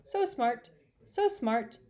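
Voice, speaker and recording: A woman's voice: fairly high pitch, expressive, very slow, mellow, pitched above the performer's own voice. A woman voicing a male pet mynah bird who repeats words in a squawky bird voice for a storybook reading. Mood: parroting.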